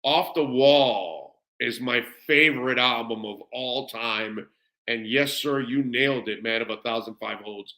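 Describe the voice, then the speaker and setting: A man's voice: mid-range voice, measured pace, bright, forceful tone. Gushing, rambling middle-aged male host. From United States. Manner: enthusiastic, gushing and rambling, with many fillers and repeats. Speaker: sports radio host. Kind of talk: casual live-stream chat answering viewer comments.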